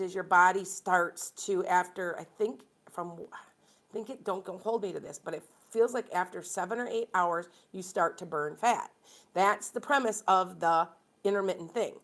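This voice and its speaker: A woman's voice: fairly low pitch, normal speed, fairly bright tone. Opinionated woman rambling on a livestream. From Wisconsin, US. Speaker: tarot reader and medium. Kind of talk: casual live-stream chat.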